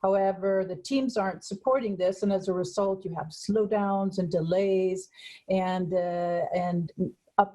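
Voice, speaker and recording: Mellow-voiced woman on a webinar. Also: medium pitch, fairly even intonation, rough recording. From San Francisco, USA. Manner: unhurried storytelling, pausing often. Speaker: author and guest speaker. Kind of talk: webinar presentation. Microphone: video call.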